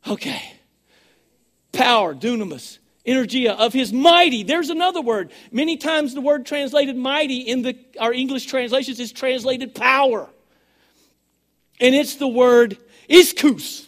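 A man preaching a sermon, excitable and swinging between shouting and a hushed voice. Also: very high voice, unhurried. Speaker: pastor.

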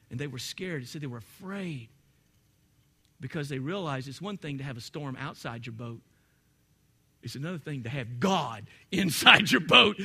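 A man preaching a sermon in a folksy, animated storytelling manner, now and then breaking into shouts. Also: on the high side. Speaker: pastor.

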